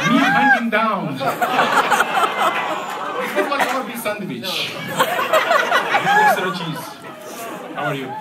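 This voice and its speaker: A young man from Iran performs stand-up, his high voice leaping up and down as he acts out the people in his stories. He is picked up from some distance in an echoey club. Loud audience laughter surrounds him. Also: very noisy. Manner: animated, puts on voices for characters in his stories. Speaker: stand-up comedian. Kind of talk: stand-up comedy set. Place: comedy club.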